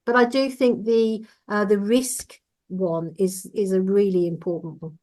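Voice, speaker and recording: A woman who trains driving instructors, talking in a measured, reassuring and explanatory way in a casual podcast discussion. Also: mid-range voice, fairly even intonation, a little mellow.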